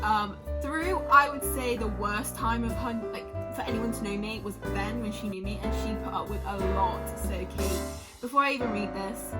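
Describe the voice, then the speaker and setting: A young woman chatting casually in a vlog, reading out answers from friends and reacting as she goes, rambling with lots of "like" and stopping herself mid-sentence. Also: on the high side. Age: young adult. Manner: chatty and emotional, lots of likes and self-interruptions. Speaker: vlogger.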